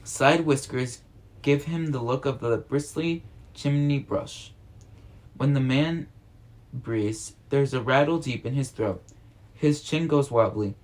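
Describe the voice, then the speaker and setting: A man reading a novel aloud at a steady pace, often stumbling over a word and correcting himself. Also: mid-range voice, takes it slowly. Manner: steady reading with frequent slips and self-corrections. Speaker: reader.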